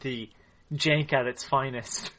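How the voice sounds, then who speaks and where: A man's voice: mid-range voice, fairly even intonation, takes it slowly, sharp tone, slight background noise. A man co-hosting a casual gaming podcast over a remote call, joking, swearing freely and laughing at his own remarks. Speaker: podcast co-host. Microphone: remote call mic.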